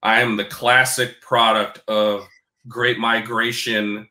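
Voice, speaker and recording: A man's voice: fairly low pitch, flat delivery, takes it slowly, sharp tone, roomy sound. A man in his forties from New York, talking candidly and casually as an interview guest, with a mostly neutral American accent and a faint Black New York tinge. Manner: candid, profane, laughs easily, many fillers.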